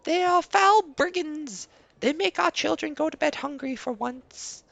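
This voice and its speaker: A man's voice: very high voice, measured pace, vocal fry, a bit bright, no echo, voice pushed up, exaggerated voice. A man voicing a wary male servile villager in a fantasy game, speaking in a stiff, formal, warning way.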